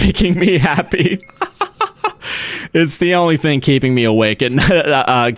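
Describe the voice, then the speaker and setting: A man's voice: medium pitch, clean tone. A young adult man from the US, a streamer chatting casually in a rambling, profane way and laughing often. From United States. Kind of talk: casual chat. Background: faint music.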